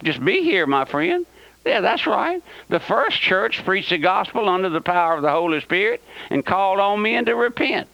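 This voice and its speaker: A man's voice: high voice, big pitch swings, normal speed, creaky, few pauses, pushed and bright, no room sound. A man preaching a fiery radio sermon, impassioned, repeating phrases and calling listeners "my friend". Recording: dull dry radio recording.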